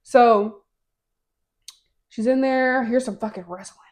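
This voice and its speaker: Young woman on a podcast, kinda high voice, swearing and spilling a story. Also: slow pace. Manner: animated storytelling, full of slang and swearing. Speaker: podcast co-host. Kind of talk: casual chat.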